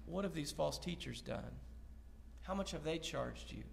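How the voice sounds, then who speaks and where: A man's voice: a little high, lively intonation, normal speed, vocal fry, slight background noise. A man preaching an evening Bible lesson, earnest and posing rhetorical questions as he paraphrases scripture. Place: church sanctuary. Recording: long reverb of a church hall.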